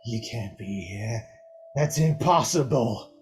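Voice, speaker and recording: A man's voice: mid-range voice, expressive, darkish tone, faint music behind. A man doing a haughty elf lord. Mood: hostile. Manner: haughty, slow, emphatic. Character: proud, stern male high elf noble father.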